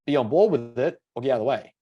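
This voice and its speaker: A man talks quickly, cursing casually as he tells animated stories on a podcast. His pitch sits in an ordinary middle range for a man. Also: dull audio. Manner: swears freely, animated storytelling. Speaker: podcast co-host.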